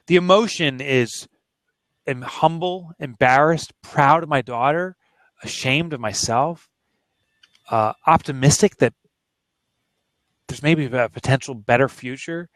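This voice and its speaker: A man's voice: mid-range voice, unhurried, pauses often, no room sound. A man in his forties, an author being interviewed, telling a candid personal story in an earnest, emotional, plain-spoken way. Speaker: author and guest.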